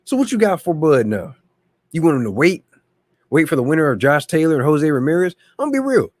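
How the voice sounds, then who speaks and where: A man hosts a boxing talk channel in slangy, animated casual commentary. His voice sits a little high and sounds dry and close, with no room behind it. He often repeats himself as he builds a point. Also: fairly quick, dry recording.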